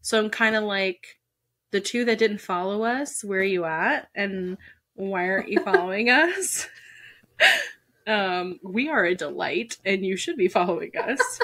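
A woman's voice: mid-range voice, fairly bright tone. A woman co-hosting a casual podcast, chatty and giggly, often stopping herself mid-sentence. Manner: giggly, chatty, self-interrupting. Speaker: podcast co-host.

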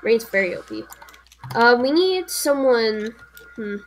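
A woman's voice: on the high side, very animated, measured pace, slight background noise. A woman chatting on game voice chat, jumpy and talkative as she plays. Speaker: gamer on voice chat.

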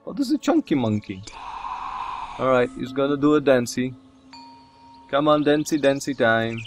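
An excitable man narrates his gameplay in a casual let's-play style, with a mid-range voice. He scolds and cheers the characters on screen and curses mildly. He laughs often at his own slips. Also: mid-range voice, normal speed, faint music behind. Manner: excitable, talks to the game characters, mild swearing, laughs at himself.

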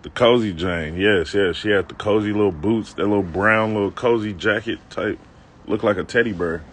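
A man's voice: fairly low pitch, moderate pace, fairly bright tone, a little hiss or hum. A man telling a comic story from his own life to a live-stream audience, loose and slangy, with self-mocking asides to his viewers. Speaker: comedic vlogger telling a story. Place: outdoors on a city street.

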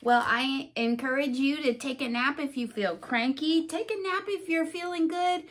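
A woman pastor reading a picture book aloud to children in a playful, animated way. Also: high-pitched, moderate pace.

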